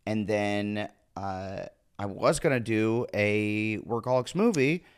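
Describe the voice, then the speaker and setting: A man's voice: lowish voice, takes it slowly, clear, resonant tone. A man in his forties, a comic actor as a guest, chatting and telling stories with acted-out quotes and frequent laughs. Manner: animated, acts out voices in quotes, laughs often. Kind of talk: casual storytelling chat.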